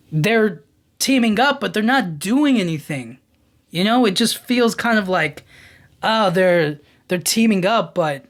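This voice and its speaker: A man hosting a podcast, giving a casual, animated film-review rant full of "like" and "you know what I mean". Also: high voice. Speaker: podcast host.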